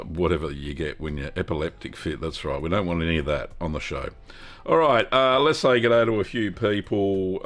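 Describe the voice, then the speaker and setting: A man's voice: fairly low pitch, creaky, a bit bright. A middle-aged Australian man hosting a live cheese-making question stream, chatting casually, greeting viewers by name and thinking aloud with lots of ums.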